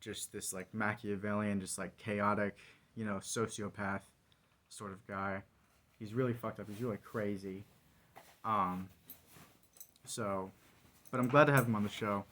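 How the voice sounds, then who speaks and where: Man, casual solo vlog, rambling and wry, full of fillers, somewhat low voice. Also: steady tone, a little slow, long pauses, fairly bright tone. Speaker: vlogger.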